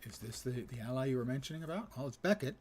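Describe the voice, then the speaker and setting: Man in his seventies, game streamer, dry sarcastic humor, middle-pitched voice. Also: expressive, rapid-fire, background noise. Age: 70s. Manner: dry, sarcastic asides, reads menus aloud. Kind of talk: casual gameplay commentary.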